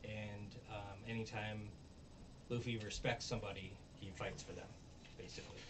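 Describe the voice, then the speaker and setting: A man's voice: on the low side, little pitch movement, moderate pace, background noise. A man casually recapping a show episode in a rambling way, full of ums and restarts, sometimes acting out what characters say. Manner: rambling, filler-heavy, acts out quotes. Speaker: show reviewer. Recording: voice distant from the mic.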